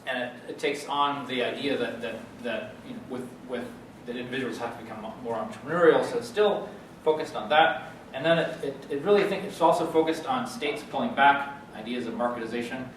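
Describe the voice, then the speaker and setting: A man giving an academic lecture as a guest speaker, halting with many fillers and restarts. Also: medium pitch. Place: lecture hall. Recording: echoey hall, distant mic, noisy.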